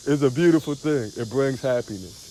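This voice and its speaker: A man's voice: mid-range voice, lively intonation, brisk, dark tone, slight background noise. Preaching man outdoors with crickets. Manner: preachy, repetitive, sing-song emphasis. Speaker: spiritual teacher. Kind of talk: outdoor livestream sermon.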